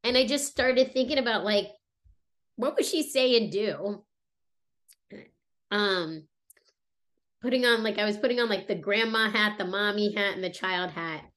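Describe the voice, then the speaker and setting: A woman in her thirties talking casually and reflectively about her family, pausing often with fillers and restarts. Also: medium pitch, fairly bright tone. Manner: halting, many fillers and restarts. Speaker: guest sharing a personal story.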